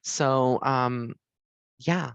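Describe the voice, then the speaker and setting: A man's voice: medium pitch, drawn-out words, a bit bright, clean tone, dry recording. Earnest man rambling in a dull, dry recording. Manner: earnest, rambling, many ums. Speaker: psychic medium. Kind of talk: heartfelt holiday video message. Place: at home. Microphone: camera.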